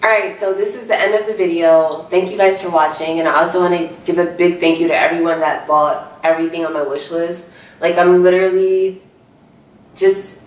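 A young woman vlogging at home, gushing over gifts with lots of "like", her voice worn down by a cold. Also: low-pitched. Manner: bubbly, gushing, lots of "like" and "so cute". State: sick, losing her voice. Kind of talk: casual chat to camera. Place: home room, indoors. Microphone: camera mic from a distance. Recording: echoey room, mic from far off.

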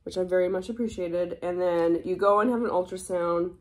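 A woman's voice: lowish voice, a little fast. Candid young woman, casual storytelling. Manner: candid, swears freely, animated retelling. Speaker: vlogger.

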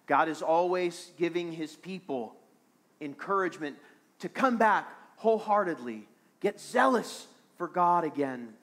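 A man's voice: fairly high pitch, expressive, measured pace, a bit bright. A man preaching a sermon as pastor of a small church, earnest and repeating phrases for emphasis.

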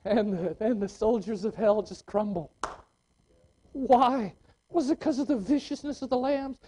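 Animated high-voiced male preacher. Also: a little slow, low-quality recording. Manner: animated preaching, swinging from loud exclamations to quiet scripture reading. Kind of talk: sermon. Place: church.

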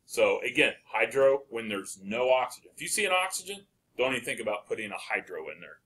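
A man lecturing a chemistry class with a bright, forceful voice. He poses questions to the room and answers them himself, praising right answers as he goes. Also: mid-range voice, big pitch swings, brisk. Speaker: chemistry teacher.

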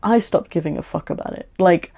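A young woman rants frankly in a personal video, swearing freely and restarting her sentences as she works through her thoughts. Her voice sits somewhat low, and the home recording sounds muffled and lo-fi. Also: fairly quick, vocal fry. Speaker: vlogger. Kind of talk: personal rant to camera. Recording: dull lo-fi home video audio.

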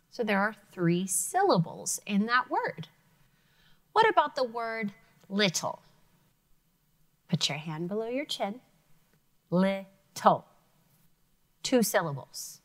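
A woman teaching a lesson to children, speaking slowly and clearly. Her pitch rises and falls a lot as she keeps the lesson lively and encouraging. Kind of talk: televised classroom lesson for children.

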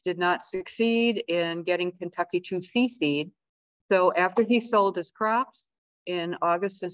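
A woman speaker gives a public history lecture in a relaxed, conversational way. Her voice sits somewhat low, and she wanders into asides and fillers while walking listeners through old documents. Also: no echo. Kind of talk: public history talk with slides. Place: lecture room of a historical society.

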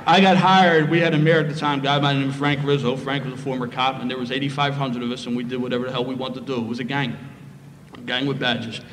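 A middle-aged man with a Philadelphia accent, telling a lively, humorous story of his past at a recovery meeting. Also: mid-range voice, fast talker. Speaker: speaker sharing his story. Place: meeting hall. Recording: roomy hall, faint noise.

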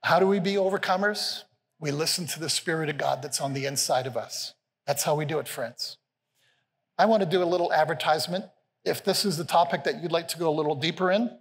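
Man preaching a sermon, senior pastor, fairly high voice, animated and playful, long hall reverb. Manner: animated, playful, acts out quotes with rising pitch. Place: large church hall with a live congregation.

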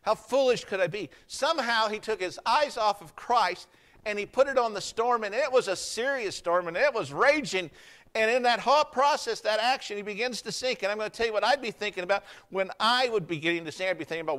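A man preaching a sermon in a church service, folksy and conversational, swinging from hushed lines to loud ones. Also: sits high, brisk, rough recording. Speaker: pastor.

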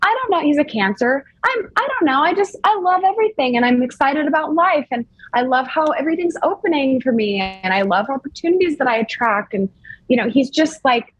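A woman in her thirties chatting casually as a podcast guest, animated and rambling, laughing often. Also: high-pitched, fairly quick, no echo. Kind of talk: casual chat.

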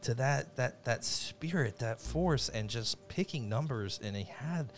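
A man hosts a casual podcast trivia game. He is relaxed and jokey, pokes fun at himself and trails off into restarts. His pitch sits in a middling register. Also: measured pace. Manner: joking, self-deprecating, rambling with restarts. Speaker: trivia show host. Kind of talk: casual podcast quiz hosting.

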